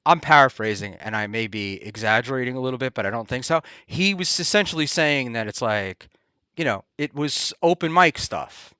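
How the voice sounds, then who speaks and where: A man's voice: medium pitch, pushed and bright, clear, resonant tone, no echo. Rambling man hosting a casual chat. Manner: rambling, halting with many ums and restarts. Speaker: podcast host. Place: Hoboken area, New Jersey.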